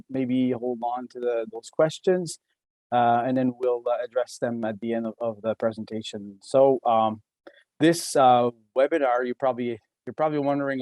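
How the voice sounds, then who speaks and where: A man's voice: mid-range voice, warm tone, no room sound. Hesitant French-accented man presenting. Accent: Québécois French. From Quebec. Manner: hesitant, many uh fillers and restarts. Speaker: engineer presenting a webinar.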